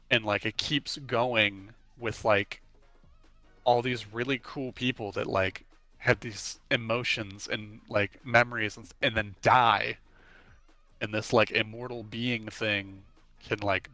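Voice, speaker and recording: A man's voice: fairly low pitch, slow pace, no room sound, faint music behind. A young man in his twenties, casually chatting on a livestream, rambling and saying "like" constantly as he tells stories. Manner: rambling, leans on the filler "like"; animated storyteller who acts out quotes. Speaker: livestream host. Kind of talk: casual chat while streaming.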